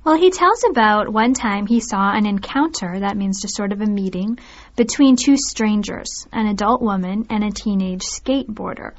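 A woman's voice: mid-range voice, lively intonation, moderate pace. Woman carefully explaining words, lo-fi. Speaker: co-host. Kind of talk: scripted learner podcast discussion. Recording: dull lo-fi recording.

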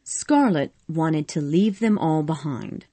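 A woman narrating a storybook in an expressive, measured way. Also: low-pitched, dry recording.

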